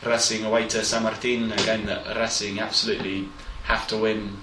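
A man's voice: lowish voice, level tone, a little fast, roomy sound, distant mic, noisy background. A man chatting on a podcast, talking football in a keen, opinionated way. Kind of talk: casual podcast chat.

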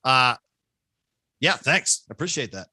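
A man hosting a casual podcast chat, loud and excitable, joking at his own expense into his microphone. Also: mid-range voice, a little slow, breathy edge, no room sound. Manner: loud, excitable, self-mocking. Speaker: podcast host. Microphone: home podcast microphone.

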